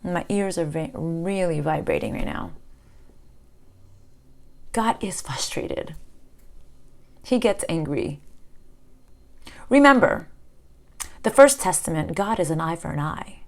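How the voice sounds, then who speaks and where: A woman's voice: lowish voice, lively intonation, takes it slowly, gravelly, pauses often. Impassioned woman giving a spiritual reading. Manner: impassioned, swinging from loud outbursts to hushed near-whispers. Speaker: tarot reader. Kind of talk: spiritual tarot reading to camera.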